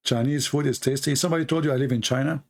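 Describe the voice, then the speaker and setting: This male online show host speaks rapid-fire in a mid-range voice with fairly even intonation. His commentary is casual and mocking, and he laughs at his own jokes. In non-native English full of grammar slips, he rambles, restarting often and leaning on fillers.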